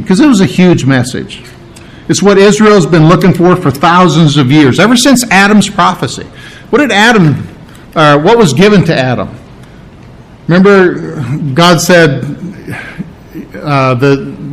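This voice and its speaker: A male pastor delivering a sermon in a high voice. His pitch rises and falls widely as he repeats key words for emphasis. He slips into other people's voices when he quotes them. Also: rough recording. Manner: animated preaching, acts out quoted voices, emphatic repetitions.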